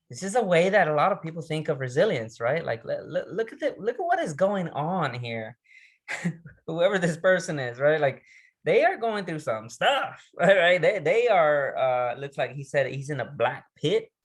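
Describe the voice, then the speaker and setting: A man giving a recorded resilience training lesson, talking casually with restarts and asking the listener questions. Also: on the high side. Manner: conversational, restarts words, reads poetry slowly and dramatically.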